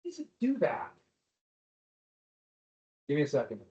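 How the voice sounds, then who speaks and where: A man's voice: on the high side, huge pitch swings, unhurried, warm tone, dull audio. A male history teacher giving a classroom lecture, joking with his students and teasing them with questions.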